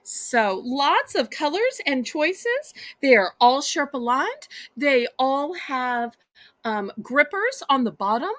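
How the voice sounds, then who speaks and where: A woman's voice: high-pitched, very animated, slow, fairly bright tone, no echo. Bubbly Southern woman auctioneer. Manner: sweet, chatty salesy patter addressing viewers as y'all. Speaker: live auction host. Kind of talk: live home-shopping auction.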